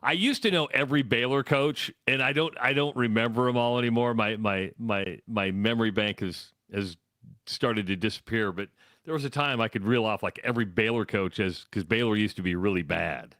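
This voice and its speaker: Chatty middle-aged Midwestern radio host. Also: male voice, lowish voice, a little fast, fairly bright tone, no room sound. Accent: American Midwest. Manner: rambling, self-correcting storyteller. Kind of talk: casual sports talk. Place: radio studio.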